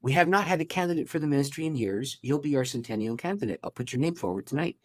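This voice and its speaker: A man's voice: on the high side, animated, fast talker, close to an everyday voice. A man voicing an earnest, caring church pastor.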